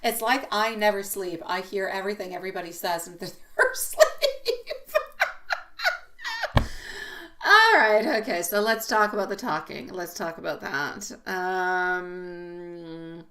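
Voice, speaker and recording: Woman, thirties, live tarot reader, bright tone, affectionate, rambling chat. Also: lowish voice, fairly even intonation, normal speed. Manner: affectionate, calls viewers sweetie and my love; chatty, laughs often, rambles. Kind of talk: live-stream tarot reading.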